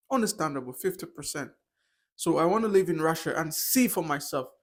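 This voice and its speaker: Hesitant young man vlogging. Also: sits high. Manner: hesitant, with frequent restarts and self-corrections. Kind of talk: casual talk to camera.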